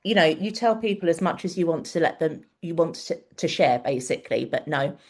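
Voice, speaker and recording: A woman's voice: sits low, expressive, brisk. A middle-aged woman, a guest on a podcast, chatting with many fillers and hesitations. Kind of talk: casual chat.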